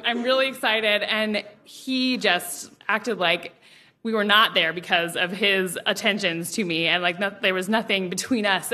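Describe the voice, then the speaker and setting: Bright-voiced woman telling a story live. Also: a little high. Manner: animated, laughing, mimics voices.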